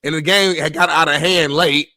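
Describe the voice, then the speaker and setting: A man's voice: fairly high pitch, fairly even intonation, moderate pace, bright, forceful tone, no room sound, studio quality. A man hosting a sports talk show, telling a story in loose, slangy casual chat. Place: Los Angeles area.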